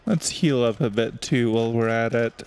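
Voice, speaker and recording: A man's voice: mid-range voice, normal speed, darkish tone, clear, resonant tone. A man hosting a let's play, giving sarcastic, joking commentary as he plays a video game. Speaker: gaming channel host.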